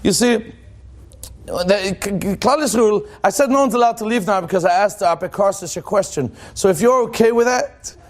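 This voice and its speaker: A man, a rabbi, teaching a Torah class in an animated, joking way and asking his listeners questions. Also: sits high, moderate pace.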